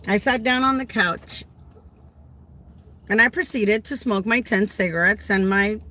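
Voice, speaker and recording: In a medium-pitched voice at a measured pace, a middle-aged caregiver casually recounts a story for her viewers. She animates it by acting out the conversation, and her voice rises when she repeats her own words.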